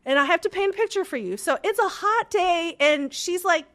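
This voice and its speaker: A woman's voice: extremely high pitch, lively intonation, moderate pace, a bit bright. A middle-aged woman hosting a podcast, telling stories in a casual chat and acting out the dialogue, with frequent "right?" and "okay?" checks. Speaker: podcast host.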